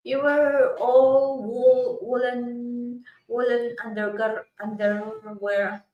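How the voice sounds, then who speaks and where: A woman chatting casually beside the host, laughing often and speaking in halting English. She talks slowly. Her voice carries a roomy echo. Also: on the high side, level tone, distant mic, muffled recording. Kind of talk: casual chat.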